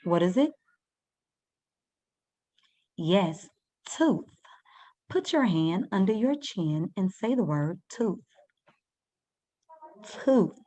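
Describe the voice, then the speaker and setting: A woman teaches a first-grade reading lesson at a slow, unhurried pace. She talks patiently to young children and stretches out words as she sounds them out. Her pitch sits in an ordinary middle range. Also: lively intonation, mellow.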